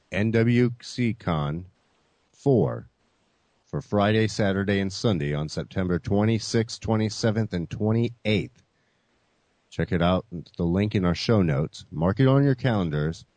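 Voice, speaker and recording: A man's voice: deep voice, a little mellow, dry recording. A man hosting a gaming podcast in casual chat, laid-back, calling listeners "folks" and leaning on "you know". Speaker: podcast host.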